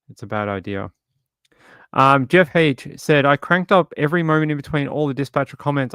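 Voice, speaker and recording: Man, livestream host, rambling casual chat, smooth voice, dry close sound. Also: medium pitch, no room sound. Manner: rambling, repeats words, relaxed asides. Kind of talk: casual livestream chat, reading viewer comments.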